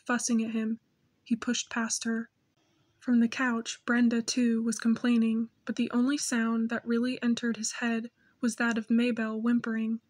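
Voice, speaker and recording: A woman reading a novel aloud in steady, measured scripted narration. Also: on the high side. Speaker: audiobook narrator.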